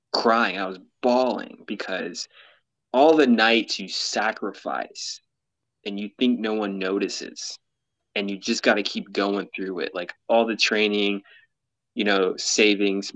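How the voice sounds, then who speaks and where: A man's voice: on the low side, a bit bright, no echo, low-quality recording. A man being interviewed as a mountaineer and explorer, speaking candidly in an earnest, rambling way and laughing often. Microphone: podcast mic, camera off.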